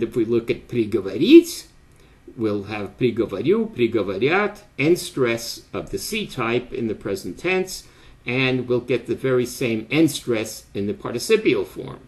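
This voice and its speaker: An older man giving an academic lecture, speaking deliberately with frequent pauses and fillers. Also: mid-range voice.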